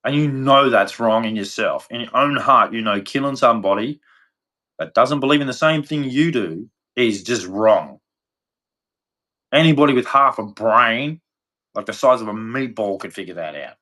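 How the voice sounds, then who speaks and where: A man's voice: medium pitch, expressive, normal speed, bright, forceful tone. An Australian man from Australia giving a blunt, rambling opinion rant to camera, swearing freely. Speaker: vlogger.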